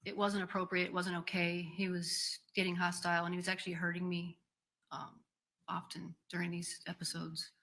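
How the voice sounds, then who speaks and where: A woman in her forties testifying in a courtroom, speaking haltingly with many pauses and ums. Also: lowish voice, completely flat delivery, bright, forceful tone. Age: 40s. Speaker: defendant testifying.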